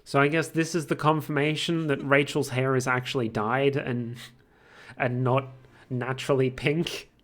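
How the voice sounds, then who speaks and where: A man's voice: medium pitch, fairly even intonation, normal speed, fairly bright tone. A man casually streaming a video game, chatty and amused, thinking aloud as he plays. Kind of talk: casual gaming stream commentary.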